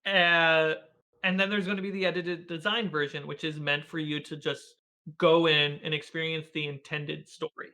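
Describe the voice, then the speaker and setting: A man speaks as a guest over a video call, in a bright voice that sits a bit high for a man. He tells stories with animation, acting out the lines he quotes and laughing often along the way. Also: little pitch movement, normal speed. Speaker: guest, filmmaker and game master. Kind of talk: casual conversational interview.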